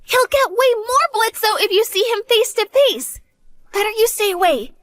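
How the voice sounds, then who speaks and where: A woman's voice: very high-pitched, lively intonation, moderate pace, a bit bright, no room sound, soft background music, voice pushed up. A woman voicing an earnest, devoted college-age daughter who talks to her mother. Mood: frightened. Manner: earnest, pleading.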